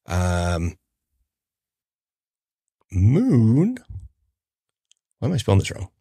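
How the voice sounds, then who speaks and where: A man in his forties hosts a podcast alone, talking in a rambling, chatty way. His voice sits fairly low but swings widely up and down. The sound is dry and close, with no room around it. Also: huge pitch swings, drawn-out words, mellow, husky, no echo. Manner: rambling, chatty, trails off searching for names. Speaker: podcast host. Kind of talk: casual solo podcast chat.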